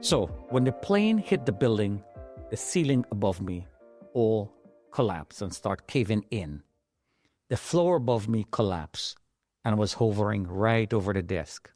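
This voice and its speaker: A man's voice: lowish voice, lively intonation, measured pace, darkish tone, dry recording, faint music behind. A middle-aged man telling his own survival story in an emotional, dramatic way, rising into pleading outbursts. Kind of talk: personal testimony.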